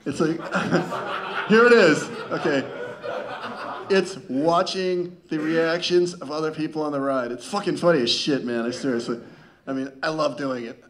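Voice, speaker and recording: A man doing a stand-up comedy set, rambling with halting, stammering restarts. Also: mid-range voice.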